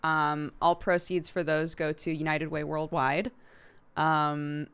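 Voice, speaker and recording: Woman, game streamer, casual chat, giggly, lowish pitch, smooth clear voice. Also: level tone, a bit bright. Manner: chatty, laughs often, quick anecdotes. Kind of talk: casual chat while gaming.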